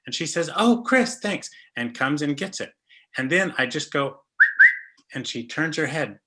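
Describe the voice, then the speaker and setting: A chatty man explaining falconry at a festival talk, jokey and full of little anecdotes. His voice is bright and forward. His pitch sits in the middle range. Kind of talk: casual presentation with slides.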